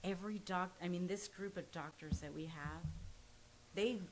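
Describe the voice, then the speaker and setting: Brief: forthright woman in her forties, low-ish voice, candid and a bit pushy, guest on a chat podcast. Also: normal speed, slight background noise, low-quality recording. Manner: earnest and forthright, self-described pushy. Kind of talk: candid storytelling in casual conversation.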